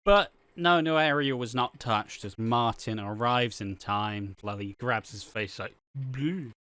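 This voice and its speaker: A man's voice: medium pitch, a little slow, pushed and bright, clear, resonant tone. A man co-hosting a casual chat, joking and swearing, laughing as he mimics characters. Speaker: podcast co-host.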